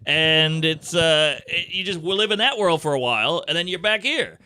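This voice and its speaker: A man chats and jokes on a podcast, slipping into voices for the people he quotes. His tone is bright and ringing, and his pitch swings widely as he talks. The sound is dry and close to the mic. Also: expressive, normal speed, smooth, no echo. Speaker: podcast co-host. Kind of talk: casual comedic chat.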